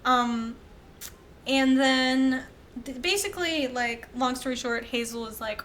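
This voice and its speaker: A woman's voice: high-pitched, slow, a bit bright, a little hiss or hum. A woman co-hosting a podcast, recapping a film in casual chat with lots of fillers and profanity. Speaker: podcast co-host.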